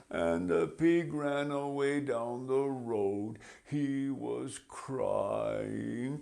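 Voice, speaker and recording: A man telling a folktale for an audience, animated and deliberate, slipping in Spanish phrases. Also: mid-range voice, creaky. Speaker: storyteller. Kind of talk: bilingual folktale storytelling.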